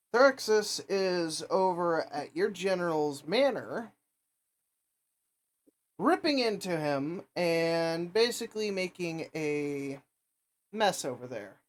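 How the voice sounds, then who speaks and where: Slow, offhand tabletop player. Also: male voice, fairly high pitch. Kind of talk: in-character tabletop role-play.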